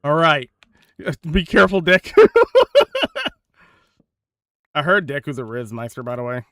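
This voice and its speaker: A man's voice: fairly high pitch, expressive, a little slow, fairly bright tone, dry recording, studio quality. Playful young male game streamer. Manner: laughs often, slangy and playful. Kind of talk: casual gaming stream chat.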